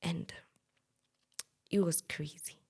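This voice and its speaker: A young Kenyan woman co-hosting a podcast, recounting a personal story in a hushed, breathy way. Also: slow, in a whisper. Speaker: podcast co-host.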